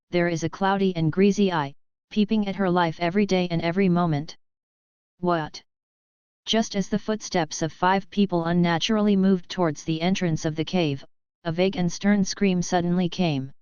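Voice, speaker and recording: A woman reading a novel aloud as an audiobook narrator, in an even, measured way. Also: fairly low pitch, smooth, no echo, highs cut off. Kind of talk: scripted narration.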